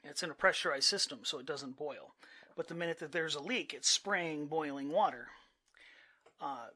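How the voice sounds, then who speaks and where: A man with a bright, forward voice co-hosts a podcast, talking casually with his spouse. He rambles wryly and jokes, often dropping to a low mutter. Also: normal speed. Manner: wry, rambling, joking. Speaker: podcast co-host.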